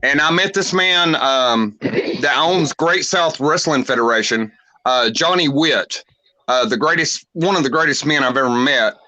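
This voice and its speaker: A man in his forties with a Tennessee Southern accent, a wrestling guest who tells stories in an unhurried, rambling way with many filler sounds. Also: a little high, pushed and bright. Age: 40s. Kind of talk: casual interview storytelling.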